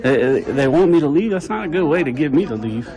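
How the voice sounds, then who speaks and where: A man's voice: a little high, animated, fairly quick, dark tone, poor audio. A man talking to his own camera, indignant and complaining as he films a dispute. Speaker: video-recording visitor. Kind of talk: self-narrated confrontation vlog.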